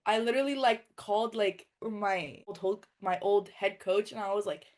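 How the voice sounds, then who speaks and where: A young woman, a former college wrestler turned coach, telling stories in casual conversation with lots of "like" and acted-out quotes. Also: mid-range voice. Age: young adult. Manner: fast, filler-heavy, animated storytelling with quoted dialogue.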